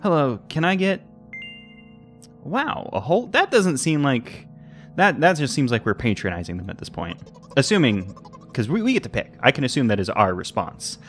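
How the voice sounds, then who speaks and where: A young man reading a text game aloud with playful commentary, jumping between squeaky high and low reading voices. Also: sing-song, moderate pace, soft background music.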